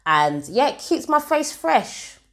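A woman's voice: high voice, big pitch swings, slow, a bit bright. A woman from the UK talking casually to camera as a beauty vlogger, chatty and rambling with lots of fillers and asides. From United Kingdom.

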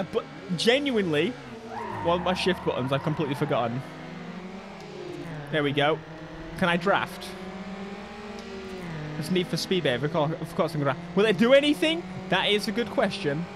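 A man commentating his own racing game playthrough, excitable and jokey, laughing often. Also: high voice. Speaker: gaming YouTuber. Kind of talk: let's play commentary.

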